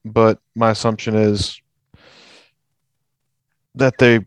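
Lowish, measured podcast co-host. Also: male voice, level tone, clear, resonant tone, no room sound. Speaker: podcast co-host, news segment. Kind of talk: casual basketball chat.

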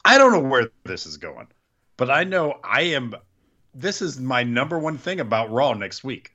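A man's voice: medium pitch, big pitch swings, normal speed, pushed and bright, dull audio. A man co-hosting a casual wrestling chat, chiming in with reactions and his own takes. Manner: chimes in with reactions and opinions. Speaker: podcast co-host.

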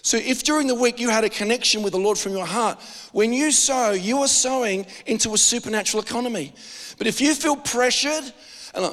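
A man with an Australian accent preaching a sermon as pastor, animated and joking, with frequent restarts. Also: very high voice, brisk, big-room sound.

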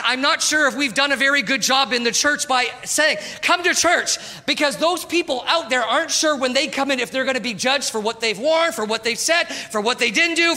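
A man preaching an animated sermon, his voice sitting very high with a sharp, bright edge. He keeps calling out to the congregation as he talks. The sound rings with long reverb from a church hall. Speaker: pastor.

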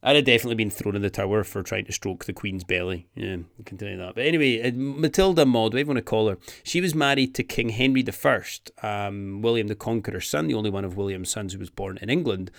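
A man's voice: on the low side, fast, creaky, few pauses, fairly bright tone, dry recording, studio quality. Joking Scottish man telling history. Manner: jokey, digressive, chatty asides. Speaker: history presenter. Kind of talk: comic history talk.

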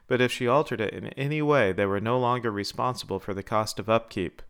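Man, storyteller, scripted narration, smooth, lowish voice, measured. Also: fairly bright tone.

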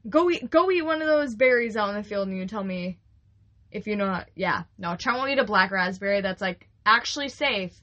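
A young woman co-hosting a podcast, telling a farm story in a rambling, casual way with lots of fillers and quick laughs. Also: medium pitch, lively intonation, bright, forceful tone. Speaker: podcast co-host, flower farmer.

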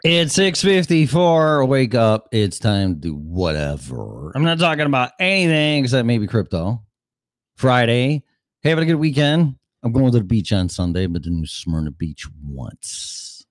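A man's voice: lowish voice, sing-song, normal speed, no room sound. A man hosting his own podcast solo, rambling casually in a scattered, profane and self-mocking way. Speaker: podcast host.

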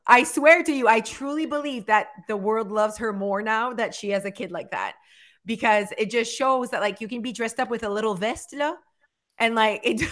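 A woman co-hosting a casual chat, talking fast with lots of fillers and acting out what people say. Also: a little high. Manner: chatty, filler-heavy, animated storytelling. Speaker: podcast co-host.

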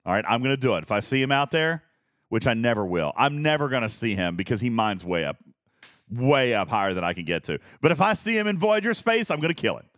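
A man's voice: mid-range voice, big pitch swings, quick pace, fairly bright tone, dry recording, clean studio sound. A man hosting a casual live stream, rambling, laughing often and reading chat messages aloud. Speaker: streamer host.

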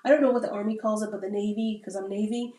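A woman's voice: mid-range voice, steady tone, rapid-fire, mellow. Woman talking in a roomy, distant recording. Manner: rambling, keeps adding "right?" tags. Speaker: Navy veteran. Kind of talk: casual podcast conversation. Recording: roomy sound from a distant mic.

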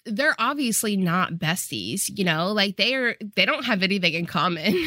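A woman's voice: mid-range voice, very animated, normal speed, bright, forceful tone, no room sound, clean studio sound. A young woman co-hosting a casual podcast, retelling a movie's plot with wry retorts and acted-out character lines. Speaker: podcast co-host. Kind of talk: casual chat recapping a movie.

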